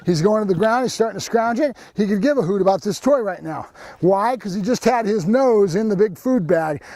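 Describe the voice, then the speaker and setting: A man's voice: high voice, mellow, no room sound. A man working as a dog trainer, giving a hands-on training demonstration in a plain-spoken, instructional way, wearing a lapel mic.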